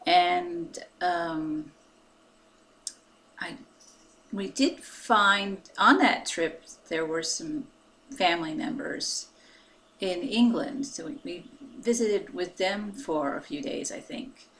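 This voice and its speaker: A woman in her fifties with an American accent, talking in a soft-spoken, halting way in a casual personal vlog, pausing often. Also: fairly low pitch, a little hiss or hum. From United States. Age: 50s. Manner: soft-spoken and halting, with many pauses and fillers. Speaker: vlogger.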